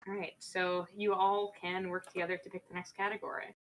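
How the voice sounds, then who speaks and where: A woman's voice: on the low side, level tone, a little fast. A woman hosting a livestream trivia game, upbeat and a bit scatterbrained. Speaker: game show host.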